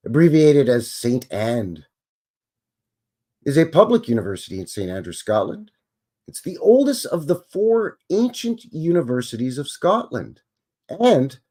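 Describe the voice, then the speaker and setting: A man's voice: medium pitch, mellow. A man hosting a live stream, reading passages aloud and breaking off for wry, self-deprecating comments.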